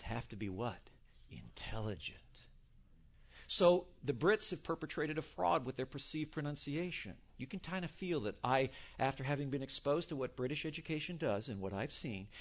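A man's voice: medium pitch, a bit bright. A man preaching a sermon, wandering into joking asides as he goes. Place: church in Texas.

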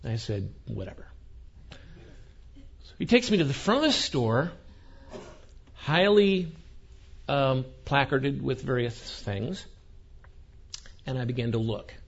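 A man preaching a sermon as a wry, animated story, acting out the people he quotes, on a dull lo-fi recording. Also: mid-range voice, slow, gravelly, pauses often, slightly rough.

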